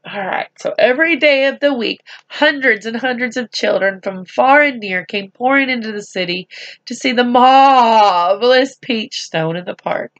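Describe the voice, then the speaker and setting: A woman reading a storybook aloud to children, speaking slowly and gently and adding chatty asides to them. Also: fairly high pitch, highs cut off.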